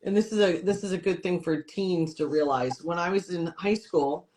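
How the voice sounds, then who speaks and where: A comedian and TV host from Syracuse, New York, speaks in a lowish voice at a moderate pace as a guest in a casual interview. A lively storyteller, she acts out the voices of the people in her stories.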